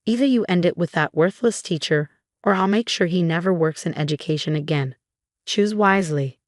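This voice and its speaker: A woman narrator voicing a smug, controlling older man who speaks calmly and dismissively. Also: high voice, moderate pace, dry recording, studio quality, close to an everyday voice. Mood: threatening.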